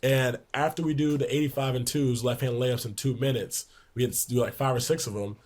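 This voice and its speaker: A young man in his twenties, a podcast guest, telling lively locker-room anecdotes in a casual way, laughing along. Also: mid-range voice, brisk. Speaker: podcast guest, pro basketball player. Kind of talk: casual storytelling in a sports podcast.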